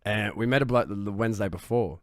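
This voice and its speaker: A man's voice: lowish voice, quick pace, dry recording. Australian young man telling a story. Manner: storytelling, laughing often. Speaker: podcast co-host. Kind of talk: casual chat. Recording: dry studio.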